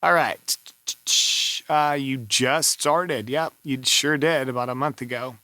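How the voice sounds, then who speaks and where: A man talks through a voiceover seller's gig in loose, casual commentary, coaching with blunt, offhand remarks. His voice is bright and forward at a middling pitch. The recording is dry and close, with almost no room sound. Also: fairly even intonation, a little slow, clear, resonant tone, dry recording, faint music behind. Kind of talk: casual screen-review commentary.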